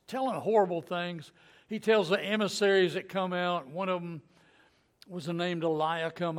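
Guy with a high voice telling old testament stories, folksy and animated, acts out the lines. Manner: folksy, animated retelling with acted quotes and chuckles. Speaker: Bible teacher. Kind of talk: conversational Bible storytelling.

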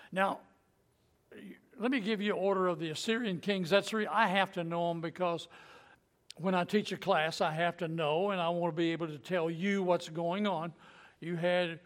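A man teaching a Bible story in a folksy, conversational way, acting out the quotes and chuckling as he goes. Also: sits high. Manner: folksy, animated retelling with acted quotes and chuckles.

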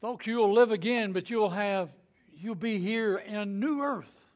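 Male preacher with a high voice, folksy and joking, delivering a Sunday sermon. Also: moderate pace. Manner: folksy, joking asides with chuckles.

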